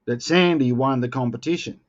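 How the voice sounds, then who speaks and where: Joking Australian bloke on a livestream. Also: male voice, mid-range voice, fairly quick, highs cut off. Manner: joking, teasing, playfully defensive. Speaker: livestream host. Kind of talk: casual live chat with viewers.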